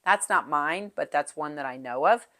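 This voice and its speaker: Animated and sharp-toned, a low-voiced middle-aged woman shares classroom tips for music teachers at a moderate pace. She's chatty, breaking into short sung call-and-response rhythms as examples.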